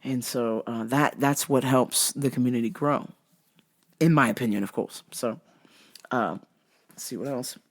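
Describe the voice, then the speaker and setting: A man's voice: medium pitch, unhurried, creaky, long pauses. Man, podcast host, profane, rambling, filler-heavy casual talk. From United States. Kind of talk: casual travel-recap monologue.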